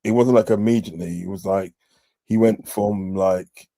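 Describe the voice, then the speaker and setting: This is a man in casual football chat, rambling and full of fillers, with a low, dark, mellow voice. The sound is dry and close, with no room around it. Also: steady tone, moderate pace, dry recording. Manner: rambling, many fillers and restarts, swears. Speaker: podcast host.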